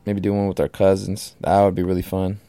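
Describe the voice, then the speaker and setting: A man's voice: sits low, completely flat delivery, brisk, mellow, no room sound. Laid-back, slangy male podcaster. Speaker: podcast host. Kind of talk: casual solo podcast monologue.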